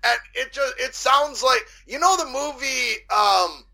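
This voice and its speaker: High gravelly Canadian man, crude joker. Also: unhurried, sharp tone. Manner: rambling, crude joking, swearing. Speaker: podcast guest. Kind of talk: casual podcast chat.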